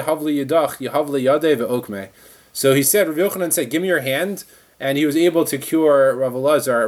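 A man teaching a Talmud lesson, reading the text aloud and then explaining it in plain, conversational words. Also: mid-range voice.

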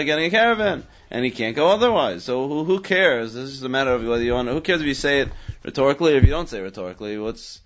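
Male Talmud teacher, animated, mid-pitched voice, slightly dull lo-fi recording. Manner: animated, questioning, thinks aloud with many restarts. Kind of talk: Talmud study discussion.

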